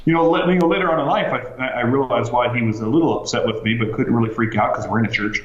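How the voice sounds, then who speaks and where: A man telling his story as a podcast guest, animated, with lots of fillers and restarts. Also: medium pitch, fast. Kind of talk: casual storytelling interview. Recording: roomy, slightly dull sound.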